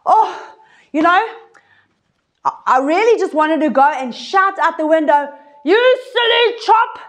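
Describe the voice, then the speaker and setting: A woman telling children a Bible story in an expressive way, acting out voices and sound effects. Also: high voice, a little slow. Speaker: children's ministry teacher. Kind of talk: animated Bible lesson for kids.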